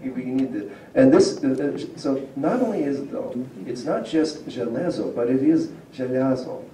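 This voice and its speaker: Male lecturer, very mellow dark voice, heard from afar in an echoey hall, chatty and explanatory. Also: mid-range voice, lively intonation, moderate pace, slight background noise. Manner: explanatory, asks the audience questions, chuckles often. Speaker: university linguistics lecturer. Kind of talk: public lecture to a community audience. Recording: roomy hall picked up from a distance.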